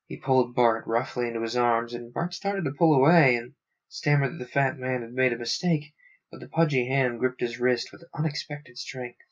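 Man, narrating a novel aloud, steady reading, mid pitch, dull lo-fi sound. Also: normal speed. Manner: steady narration with small stumbles. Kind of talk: audiobook-style reading.

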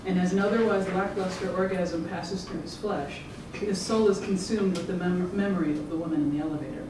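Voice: mid-range voice, steady tone. Author reading fiction in an echoey room. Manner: measured, rhythmic reading. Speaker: author reading own work. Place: event room. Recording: echoey room, distant mic, background noise.

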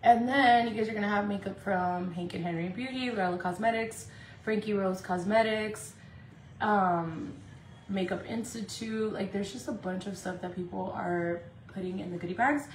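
A woman's voice: mid-range voice, normal speed. Woman, casual livestream, chatty, profane, switches into Spanish, echoey room, faint hiss. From Indio, California. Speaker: makeup livestreamer.

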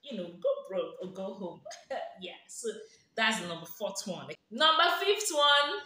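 In a very echoey room, a lifestyle vlogger, a woman with a Nigerian accent, hands out playful, sarcastic advice, often laughing and teasing. Her mid-range voice swings widely in pitch, sounds pushed and bright, and moves at an unhurried pace.

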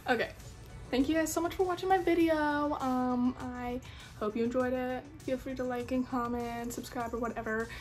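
Young female vlogger, high voice, under the weather, rambling and self-deprecating, faint music behind. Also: fairly even intonation, normal speed, darkish tone. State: sick, stuffy voice. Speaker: beauty vlogger. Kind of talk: casual makeup tutorial chat.

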